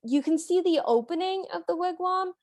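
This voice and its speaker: A woman's voice: very high voice, moderate pace, a little mellow. A young adult woman co-hosting a podcast, chatting enthusiastically about a film and laughing easily. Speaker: podcast co-host. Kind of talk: casual recap chat.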